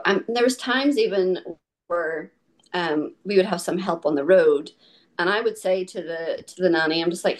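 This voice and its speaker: A middle-aged woman from Ireland with an Irish accent, a guest chatting casually and acting out quotes in her stories. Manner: animated storyteller, acts out quotes with high pitch swings. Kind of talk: casual conversation.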